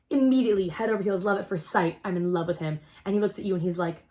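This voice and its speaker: A young adult woman hosting a casual storytelling chat, rambling and excitable, saying "like" constantly. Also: medium pitch, fast, hardly any pauses. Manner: rambling and excitable, heavy use of "like". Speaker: host.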